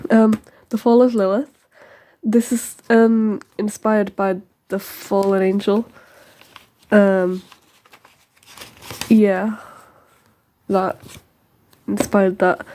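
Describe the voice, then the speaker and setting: A teenage girl talks her way through her sketchbook in a relaxed, rambling voice-over. Her tone is mellow and warm, at an ordinary pitch for her age. She fills the gaps with ums and tosses in quick side comments as she moves along. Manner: rambling and chatty, with many ums and quick asides. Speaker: sketchbook tour host.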